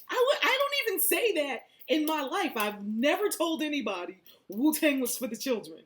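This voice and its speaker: A woman's voice: sits high, moderate pace, hardly any pauses. A woman vlogger telling a personal story in a casual, giggly way, acting out what people said. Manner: animated and giggly, acting out quotes.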